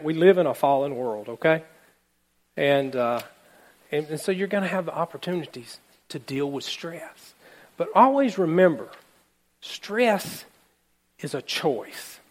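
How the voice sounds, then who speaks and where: A male pastor preaching a sermon, telling a story and acting out the characters' lines while speaking to his congregation. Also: a little high. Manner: animated, acts out characters' lines, addresses congregation.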